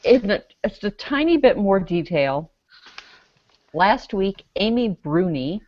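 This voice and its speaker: A woman's voice: mid-range voice, sing-song, slow. A woman on a casual web panel show, presenting a news story with dry sarcasm as she reads comments aloud. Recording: dry, dull lo-fi video call audio.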